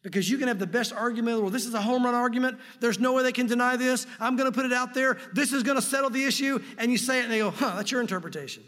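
A man preaching a sermon from a church sanctuary, earnest and emphatic, slowing down to read scripture aloud. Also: extremely high pitch, fairly bright tone. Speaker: pastor. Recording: long reverb of a large hall.

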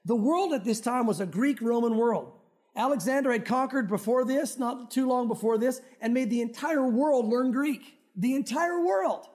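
A man with a strikingly high voice preaches a sermon to his congregation in a church. He talks in a conversational way and breaks in with joking asides to the crowd. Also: moderate pace, darkish tone. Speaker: pastor. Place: church sanctuary.

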